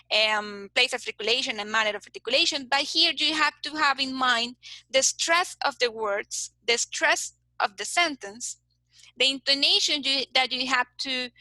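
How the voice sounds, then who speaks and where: Bright-voiced teacher. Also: female voice, fairly high pitch, no room sound, low-quality recording. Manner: tags sentences with "okay?", explains patiently. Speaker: English phonetics teacher. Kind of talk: online class lecture. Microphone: video call.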